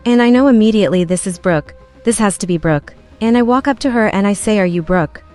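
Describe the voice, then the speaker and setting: A woman's voice: medium pitch, fast, a little mellow, clean tone, faint music behind. Woman narrating a story in the first person. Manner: plain, run-on retelling.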